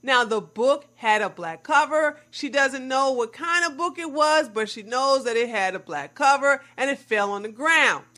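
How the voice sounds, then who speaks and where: A woman's voice: high voice, lively intonation, moderate pace, few pauses, sharp tone. A woman delivering sarcastic commentary to her viewers, mocking the claims she reviews and calling her audience y'all. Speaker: commentary vlogger. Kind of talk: scripted commentary.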